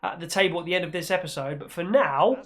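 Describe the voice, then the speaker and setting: A man, hosting a gaming channel and giving playful, excitable football commentary over his own gameplay. He breaks into mock-commentator shouts when the action peaks. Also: high voice, fast talker.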